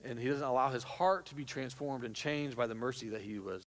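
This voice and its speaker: A man's voice: mid-range voice, a little fast, a bit bright. A pastor giving a conversational sermon, acting out little quotes as he goes. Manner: conversational preaching with acted-out quotes. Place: church sanctuary.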